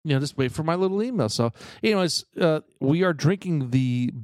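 A man's voice: on the high side, lively intonation, fairly quick, darkish tone, no room sound, clean studio sound. A man co-hosting a podcast, rambling through a story in casual chat and swearing freely. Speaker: podcast co-host.

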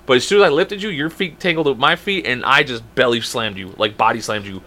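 A young man in his twenties co-hosting a podcast, telling a story in a casual, animated and profane way and acting out the quotes. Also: mid-range voice, fast. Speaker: podcast co-host.

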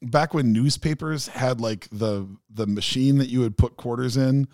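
Animated male podcast host telling stories. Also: medium pitch, normal speed, no room sound, clean studio sound. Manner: animated storyteller who acts out quoted people. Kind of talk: casual chat.

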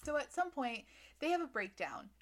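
A woman's voice: sits high, very animated, normal speed. A woman co-hosting a podcast, chatting casually and sarcastically about a book, acting out the characters' lines with giggles. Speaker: podcast co-host. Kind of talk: casual chat recapping a book.

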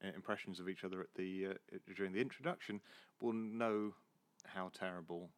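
Relaxed low-voiced London man. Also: a little fast. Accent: Southwest London. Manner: friendly, with many ums and uhs, trailing off quietly. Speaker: podcast host. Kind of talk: casual chat.

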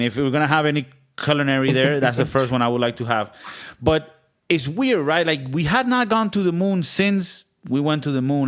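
Joking, rambling male podcast host. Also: medium pitch. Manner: rambling, joking, slips into mock accents. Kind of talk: casual podcast chat.

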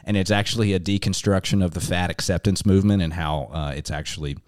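Deep-voiced rambling podcast host man. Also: steady tone, fast, darkish tone, no room sound, studio quality. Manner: rambling, self-interrupting and laughing. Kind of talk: casual chat.

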